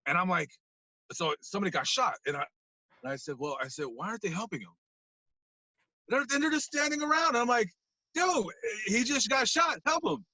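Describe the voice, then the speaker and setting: A man telling a story as a podcast guest, acting out voices and swinging from loud outbursts to low mumbles. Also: lively intonation, brisk, long pauses, no echo, poor audio. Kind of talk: animated storytelling. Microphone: podcast mic.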